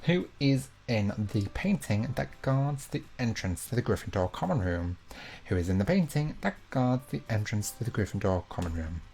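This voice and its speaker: Young guy running an online quiz, a bit gravelly, chatty, jokes at himself, repeats every question. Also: lowish voice, big pitch swings, normal speed, a little mellow, slight background noise. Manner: chatty, repeats each question, self-mocking asides. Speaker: quiz host. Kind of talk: hosting a live online quiz.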